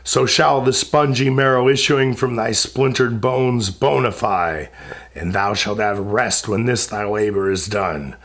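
A man voicing a wrathful male sea demon in a slow, stern, declaiming delivery. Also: lowish voice, a bit bright.

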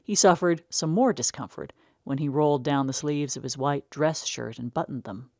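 A woman narrating a short story in a measured, unhurried way. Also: low-pitched, mellow, no room sound, clean studio sound.

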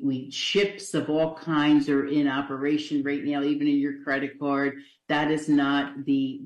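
A woman's voice: deep voice, darkish tone, roomy sound. A woman pastor giving a Bible study sermon in a chatty way, repeating phrases and tossing in joking asides. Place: church.

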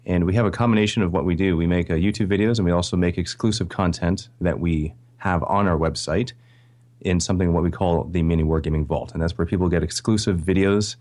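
Deep-voiced Canadian man, friendly guest. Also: fairly even intonation, fast, darkish tone. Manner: friendly, self-deprecating, grateful. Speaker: podcast guest, video creator. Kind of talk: casual interview chat.

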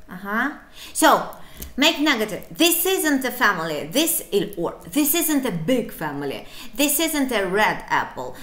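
A woman's voice: mid-range voice, a bit bright, echoey room. A woman teaching a beginner English lesson, encouraging and playful, breaking into little asides. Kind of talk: online language lesson.

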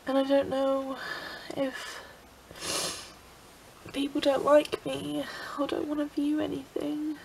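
Poor audio with slight background noise captures a young adult woman from England crying as she confesses to her vlog audience. Her high-sitting voice is gravelly, monotone, and darkish, slow with long pauses, and she leans heavily on "like" in her emotional, tearful talk.

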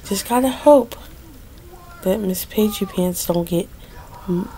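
A woman's voice: mid-range voice, slow, dark tone, slight background noise. A young woman giving casual gameplay commentary, dramatic and pleading, complaining that luck is against her. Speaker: gaming video creator.

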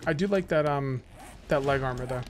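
A young adult man giving casual let's-play commentary as a gaming YouTuber, chatty and excitable, full of rambling asides. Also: mid-range voice, brisk, noisy background.

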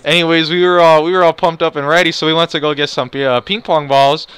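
A man's voice: fairly high pitch, fairly even intonation, fast talker, a bit bright, smooth, no room sound. A young man casually retelling a story to friends and viewers, rambling and profane, with lots of restarts. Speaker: storyteller, channel host.

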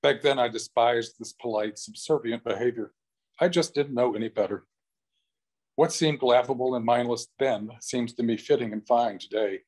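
A man reading his own translation of a novel aloud at a live event, measured and thoughtful, with brief asides to the audience. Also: mid-range voice, darkish tone. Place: small venue in front of an audience.

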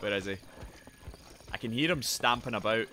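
A Scottish man commentating his gameplay live, greeting viewers and yelling in panic when things go wrong. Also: medium pitch, moderate pace, a little hiss or hum. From Scotland. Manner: excitable, yelps and shouts in panic, greets chat. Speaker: streamer.

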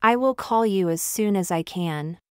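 A woman reading English practice phrases slowly and clearly for learners, saying each one twice. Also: medium pitch, no echo, clean studio sound.

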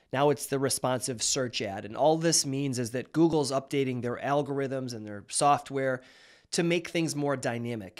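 A man who founded a marketing agency, hosting a conversational explainer, sounding nasal and a little raspy after being sick. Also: medium pitch. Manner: energetic, conversational, with fillers. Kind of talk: direct-to-camera explainer.

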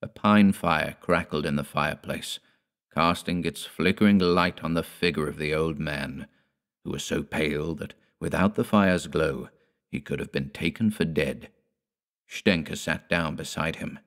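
Deep-voiced man narrating horror. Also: measured pace, a bit bright. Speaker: audiobook narrator.

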